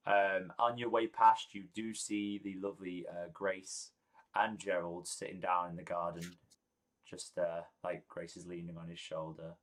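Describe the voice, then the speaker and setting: A man's voice: on the low side, fairly bright tone, poor audio. A man narrating a tabletop game as game master, hesitant and full of ums, laughing often.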